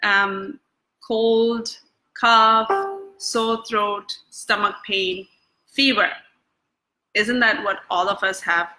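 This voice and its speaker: A woman's voice: mid-range voice, steady tone, extremely slow, pauses often, pushed and bright, soft background music, low-quality recording. A woman working as an energy-tapping coach, teaching in a casual, conversational way full of fillers and restarts. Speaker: EFT coach. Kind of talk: casual talk-to-camera teaching. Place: Bangkok.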